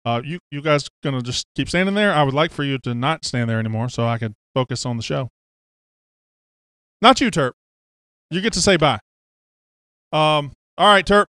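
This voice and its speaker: A man hosts a loose, joking show, ribbing the crew in a smooth, fairly high voice. The sound is close and dry, with no room echo. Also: animated, moderate pace, long pauses, a bit bright. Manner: joking, teasing, rambling. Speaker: host. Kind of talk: casual show chat. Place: studio office.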